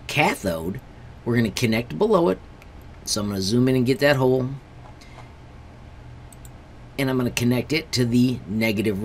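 A man's voice: medium pitch, a little hiss or hum. A man, a teacher, walking through a screen-recorded tutorial step by step, friendly and stressing warnings. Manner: friendly, repeatedly says friends.

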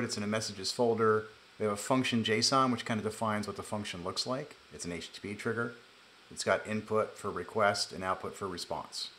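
A man's voice: lowish voice, fairly bright tone, slight background noise. A man with a nasal voice, hosting a live coding stream in a chatty, joking way and narrating each step. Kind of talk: casual live coding chat.

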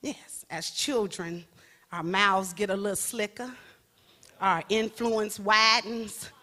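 A woman's voice: medium pitch, fairly even intonation, takes it slowly, bright, forceful tone. A woman evangelist preaching a sermon, rising to emphatic peaks and dropping into playful asides to the congregation.

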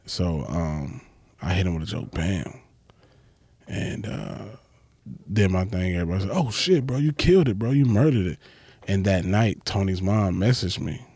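A man, a comedian guest, telling stories in casual chat, profane and animated, acting out quotes with big leaps in his voice. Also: moderate pace, dry recording. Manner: profane, acts out quotes with big jumps in pitch.

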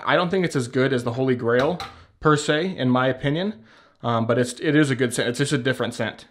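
A medium-pitched man vlogs about beard care from his home, standing by a shelf and holding the camera at arm's length. He rambles and chats through a casual product show-and-tell, swearing offhandedly and laughing a lot.

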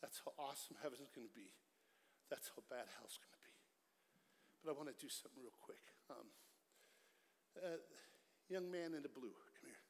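A middle-aged man giving a lively, joking evangelistic sermon at a church concert, swinging from loud storytelling to hushed pleading. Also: mid-range voice. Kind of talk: energetic evangelistic sermon with jokes. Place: large church concert hall. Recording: live church hall with long reverb.

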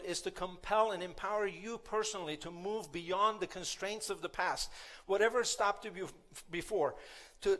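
A man's voice: sits high, fairly bright tone. A man giving a conversational, playful motivational keynote at a conference, often asking the audience questions. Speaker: keynote speaker.

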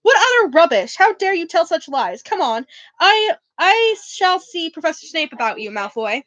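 A stern older schoolteacher who tells off pupils sharply, as a woman reads her out. The voice is high and close to the mic. The recording is dry with a dull, lo-fi edge. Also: big pitch swings, normal speed, fairly bright tone, no echo, full character voice. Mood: scolding. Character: stern older female teacher, strict and scolding.

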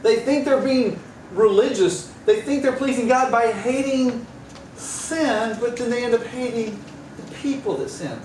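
A man's voice: very high-pitched, measured pace, darkish tone, slight background noise. A pastor preaching a sermon in a conversational way, with wry asides and voices for the people he quotes. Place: church sanctuary. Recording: roomy church sound from a distance, faint ambience.

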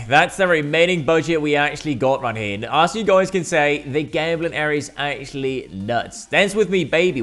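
A man doing excitable gameplay commentary as a gaming video host, swearing often and calling viewers bro and mate. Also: on the high side. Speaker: gaming YouTuber.

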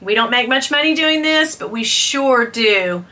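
Casting: woman in her fifties, bright, animated voice, haul vlogger gushing over gifts. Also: a little high, unhurried. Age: 50s. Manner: gushing, squeals and gasps with delight, talks to viewers as girl and y'all. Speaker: beauty and fashion vlogger. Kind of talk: excited haul video chat.

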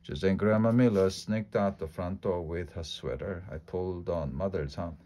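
Lowish male storyteller, easy read-aloud pace, kids' chapter book. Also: moderate pace, few pauses, dark tone. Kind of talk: reading a children's book aloud.

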